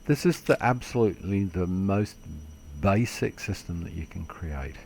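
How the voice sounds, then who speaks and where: Gravelly low-voiced man rambling through a game tutorial. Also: expressive, measured pace, darkish tone, slight background noise. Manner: rambling, self-deprecating, mild swearing. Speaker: gaming video creator. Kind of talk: casual game tutorial commentary.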